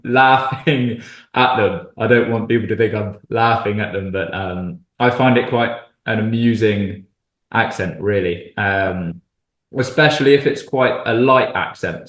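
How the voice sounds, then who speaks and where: A man in his twenties from Cornwall, chatting as a guest in an easygoing, friendly way with a little humor. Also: on the low side. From Cornwall, England. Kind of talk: casual conversation. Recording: echoey room.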